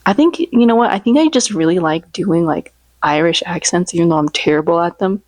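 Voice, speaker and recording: A woman vlogger chats in a low, relaxed voice, rambling from one tangent to the next. She is recorded close to the mic in a dry room with no echo. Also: brisk. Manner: rambling, chatty, jokes about her own impressions. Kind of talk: casual chat.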